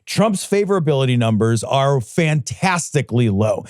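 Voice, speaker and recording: A podcast host in casual political chat, ranting angrily with lots of swearing and emphasis. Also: male voice, medium pitch, very animated, normal speed, a little mellow, no echo, clean studio sound. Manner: angry, profane, emphatic ranting.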